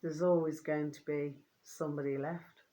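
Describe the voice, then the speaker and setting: A woman, chatting casually to her viewers in a rambling, affectionate way, her voice getting hoarse. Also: low-pitched, steady tone, normal speed, dark tone, slight background noise. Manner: affectionate, rambling, keeps asking "do you see what I mean". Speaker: vlogger.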